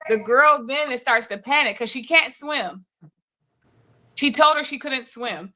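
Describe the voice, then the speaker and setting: A woman's voice: sits high, a little slow. A woman co-hosting a casual talk show, animatedly retelling a story she saw online. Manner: animated storytelling with quoted voices. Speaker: podcast co-host. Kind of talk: casual chat.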